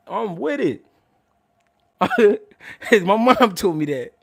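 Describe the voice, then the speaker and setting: Loud, animated man talking casually. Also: sits high, very slow, gravelly. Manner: loud, animated, laughs often, swears freely. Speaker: boxing commentator and show host. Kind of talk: casual livestream talk.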